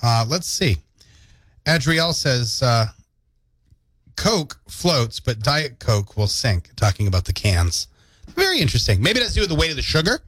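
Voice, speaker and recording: This morning radio host has a medium-pitched, husky, fairly bright voice with big swings in pitch and a moderate pace, recorded without echo. Working in a studio on a studio mic, he's playful and jokey, reading listener comments and news updates aloud.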